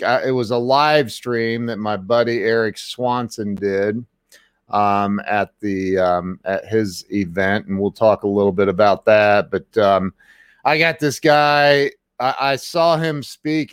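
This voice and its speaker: A man's voice: mid-range voice, smooth, no room sound. A man hosting an interview show, talking casually and rambling with repeated words and fillers. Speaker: host.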